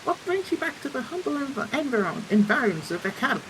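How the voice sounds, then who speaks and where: A man's voice: very high-pitched, very animated, fairly quick, background noise, voice pushed up. A man voicing an eager, formal male airship engineer with a put-on accent in a game read-along. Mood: proud. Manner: formal, eager and a bit pompous.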